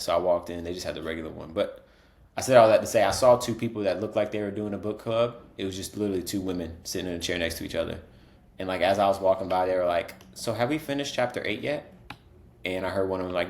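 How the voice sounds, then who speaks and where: A man's voice: deep voice, steady tone, fast talker, creaky, a little mellow, roomy sound. A man co-hosting a podcast in casual chat, laid-back and rambling, laughing often. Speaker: podcast co-host.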